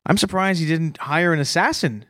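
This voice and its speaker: A man's voice: on the high side, normal speed, bright, forceful tone, no echo, clean studio sound. A man co-hosting a podcast in casual comedic chat, playfully riffing on silly ideas. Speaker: podcast co-host.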